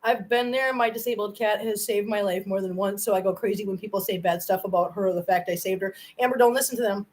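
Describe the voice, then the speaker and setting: A woman's voice: medium pitch, fast talker, few pauses, a little mellow, poor audio. A middle-aged woman hosting a casual livestream and chatting with viewers in an earnest, effusive way. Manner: earnest and effusive, emotional when praising viewers. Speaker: cat channel livestream host. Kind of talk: casual livestream chat reading viewer comments.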